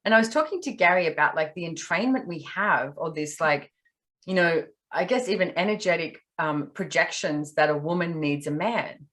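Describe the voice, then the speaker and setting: A woman's voice: fairly low pitch, animated, moderate pace, fairly bright tone. A woman from Australia, a podcast guest, telling candid personal stories in casual conversation and acting out her own thoughts.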